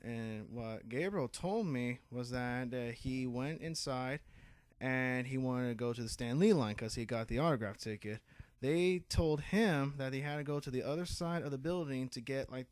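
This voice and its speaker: A relaxed young man with a mid-range voice, co-hosting a casual podcast. He mostly agrees with his partner and swears now and then. The recording is dry and close. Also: mid-range voice, moderate pace, dry recording. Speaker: podcast co-host. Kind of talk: casual chat.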